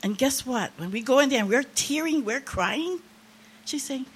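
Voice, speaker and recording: A woman's voice: sits high, expressive, normal speed, husky. An older woman preaching a sermon, sharing an emotional testimony with rising, impassioned emphasis.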